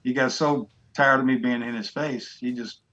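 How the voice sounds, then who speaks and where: A man's voice: medium pitch, steady tone, moderate pace, fairly bright tone, dull audio. A man guest on a podcast, telling stories in a blunt, plainspoken way. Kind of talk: casual storytelling.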